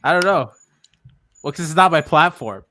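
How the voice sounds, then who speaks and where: A man's voice: fairly high pitch, animated, moderate pace, bright, forceful tone, a little hiss or hum. A man hosting a casual chat, teasing his co-host and laughing.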